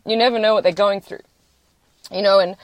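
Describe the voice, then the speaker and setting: A woman's voice: medium pitch, fairly even intonation, brisk, dry recording. A woman in her thirties talking on a live stream, earnest and close to tears, swearing freely as she speaks. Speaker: social media livestreamer. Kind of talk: emotional live-stream monologue.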